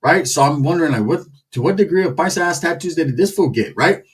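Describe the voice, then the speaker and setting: Animated, husky-voiced male storyteller. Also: fairly high pitch, fast, distant mic. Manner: animated, crude, slang-heavy. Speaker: comedic storyteller. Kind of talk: comedic storytelling.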